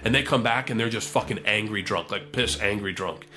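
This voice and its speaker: A man telling a wild comedy story, animated and profane, acting out the quotes. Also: fairly low pitch, brisk.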